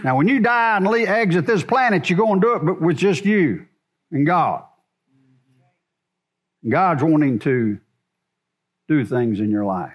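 A man's voice: a little high, animated, measured pace, pauses often. A man preaching a sermon to a congregation in a church, asking rhetorical questions as he goes. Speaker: pastor.

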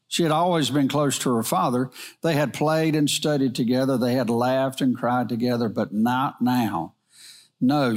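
A middle-aged man reading a moral story aloud in a gentle, earnest manner. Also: mid-range voice.

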